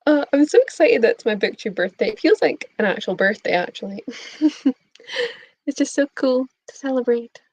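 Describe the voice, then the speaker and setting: A woman's voice: a little high, lively intonation, normal speed, darkish tone, no echo. Giggly woman chatting on a stream. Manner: bubbly, giggly, reading out chat messages. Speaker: booktube streamer. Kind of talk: casual live-stream chat. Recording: dull lo-fi stream audio.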